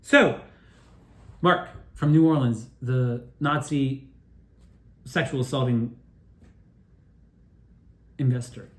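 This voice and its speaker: A man spins a meandering, excitable personal story, swearing freely and tripping over restarts. His voice sits at a middle pitch. The sound bounces around an echoey room. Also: takes it slowly, long pauses. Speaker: video creator telling his own story.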